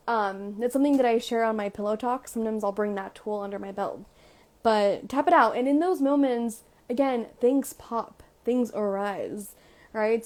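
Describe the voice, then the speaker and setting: A woman's voice: fairly high pitch, mellow. Chatty woman sharing self-help tips. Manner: chatty, fills with "like" and "right?". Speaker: vlogger. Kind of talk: casual self-help talk.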